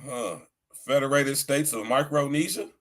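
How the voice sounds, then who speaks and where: A middle-aged man hosts a podcast livestream, chatting casually in slang and often throwing in "you know what I'm saying." His voice sits at a medium pitch, slightly bright, at a normal speed.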